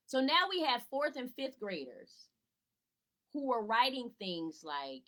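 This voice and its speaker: Animated woman tutor talking to parents. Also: a little high, a little slow, poor audio. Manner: animated, asks rhetorical questions and answers them; casual, chatty, greets viewers by name. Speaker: tutor and educator. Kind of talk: informal live teaching talk to parents. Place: at home.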